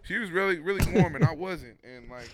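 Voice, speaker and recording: A young man telling a story in casual chat, animated and laughing, acting out what people said. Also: on the high side, fairly quick, background noise.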